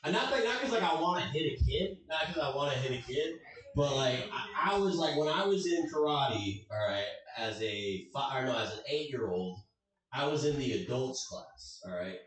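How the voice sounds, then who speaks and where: Man, Southern US accent, stand-up comic, rambling, animated pitch, roomy echo. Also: moderate pace. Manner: rambling, self-correcting delivery. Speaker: stand-up comic and show host. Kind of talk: stand-up comedy set. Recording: echoey club from far off.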